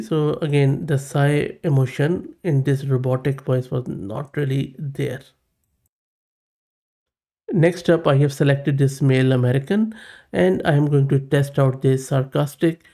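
A man hosts a tech walkthrough, talking casually and thinking aloud as he goes. His voice is mellow and gravelly, with a relaxed, mid-pitched tone. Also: a little slow. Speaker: tech channel host. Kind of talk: tutorial screen demo.

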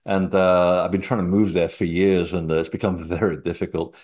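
A low-pitched man chats as an interview guest. He wanders through anecdotes, filling pauses with frequent hesitations. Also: level tone, darkish tone. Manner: rambling anecdotal storytelling with frequent fillers. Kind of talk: casual chat.

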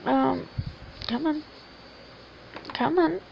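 A woman's voice: high-pitched, drawn-out words, creaky, muffled recording, a little hiss or hum. A woman giving casual, rambling commentary over her game and coaxing the characters aloud. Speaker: gameplay video host. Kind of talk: casual let's-play commentary.

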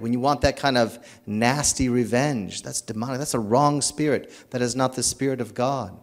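Earnest priest preaching with halting restarts. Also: male voice, medium pitch. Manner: earnest, animated storytelling with acted quotes; halting restarts and repeated words. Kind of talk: sermon.

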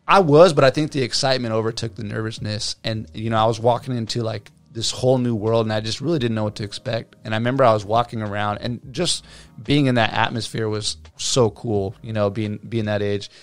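A man's voice: fairly low pitch, a little fast. A man in his thirties, a tattoo artist guest, telling his story casually and acting out what people said. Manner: animated storyteller, acts out quotes, many fillers.

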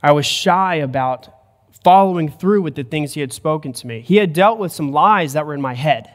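In a church sanctuary, a male pastor gives an animated sermon at normal speed, earnest and emphatic, his voice pitched a bit higher than most men's. Long hall reverb rings around him.

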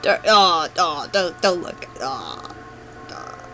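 A let's play host commentating a horror game, jumpy and nervous, groaning and gasping and coaxing the character to calm down. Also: mid-range voice, drawn-out words, creaky, long pauses, slight background noise, rough recording.

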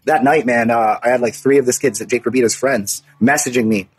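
Husky, profane New man. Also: mid-range voice, fairly even intonation, a little fast, rough recording. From New Bedford, Massachusetts. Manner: blunt, profane, swaggering recounting. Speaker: interview guest. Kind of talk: casual storytelling interview. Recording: faint music underneath.

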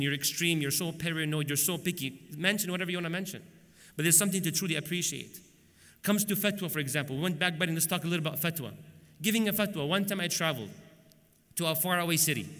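A man preaching at a conference, telling lively stories and acting out the dialogues with humor. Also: on the high side. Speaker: Islamic preacher. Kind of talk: conference lecture. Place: large conference hall. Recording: long hall reverb.

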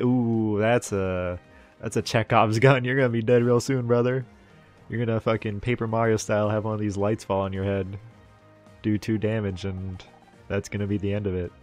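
A man's voice: fairly low pitch, flat delivery, moderate pace, soft background music. A man streaming a video game, with casual, joking, profane commentary. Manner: joking, swears, laughs often.

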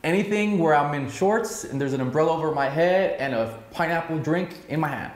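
A man's voice: on the high side, brisk. Upbeat emphatic man, echoey room. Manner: upbeat, emphatic, with frequent "uh" fillers. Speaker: real estate broker interviewee. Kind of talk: rapid-fire Q&A answers.

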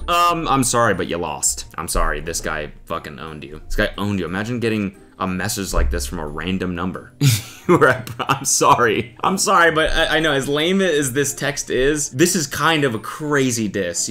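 A man hosting comedic commentary, animated and exaggerated, swearing freely. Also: medium pitch, normal speed, faint music behind. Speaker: comedy host.

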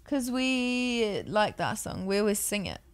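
A woman chatting as a podcast guest, her pitch leaping up and down as she tells stories. She acts out quotes in playful voices and laughs along with the hosts. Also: very animated, a little slow, smooth. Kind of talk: casual chat.

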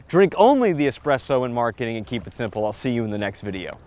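A man talking straight to camera on a beach in a punchy, emphatic vlog style, pitching marketing advice in short, hyped lines. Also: expressive, fast talker, hardly any pauses, darkish tone, a little hiss or hum. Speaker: marketing vlogger. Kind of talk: casual vlog talk to camera. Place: outdoors on a beach.

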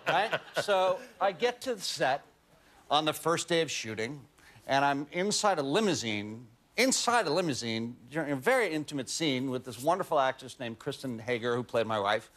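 A man's voice: fairly high pitch, moderate pace. A man in his forties, a guest actor telling a self-mocking anecdote on a talk show. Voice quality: animated, self-mocking storytelling.

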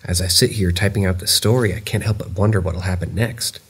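A man reading first-person horror stories in a measured, steady storytelling delivery. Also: deep voice, slightly rough. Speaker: narrator of viewer-submitted stories.

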